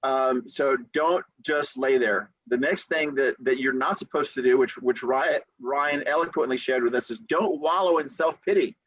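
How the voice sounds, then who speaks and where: A man who works as a real estate attorney, giving motivational advice on a podcast as an animated storyteller who acts out quotes and repeats key phrases for emphasis. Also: medium pitch, normal speed, few pauses, dry recording, lo-fi sound.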